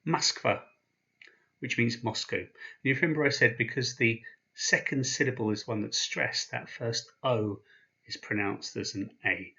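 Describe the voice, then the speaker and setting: A man teaching a language lesson, patient and slow, pausing after each sound he spells out. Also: mid-range voice, steady tone, bright, forceful tone, dull audio. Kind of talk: explaining slowly, with pauses.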